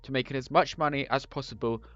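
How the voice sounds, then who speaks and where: A man's voice: mid-range voice, steady tone, quick pace, a bit bright, no echo. A young man giving Minecraft money-making tips in a playful, self-mocking chatty video, often turning aside to tease his viewers. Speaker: Minecraft YouTuber. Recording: dull, lo-fi and dry.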